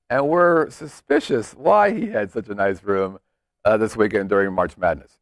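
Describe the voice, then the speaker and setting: Male co-host, jokey and animated, lively pitch, dry close mic. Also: normal speed, no room sound. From Las Vegas. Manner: joking, playful, animated. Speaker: podcast co-host. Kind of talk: casual chat.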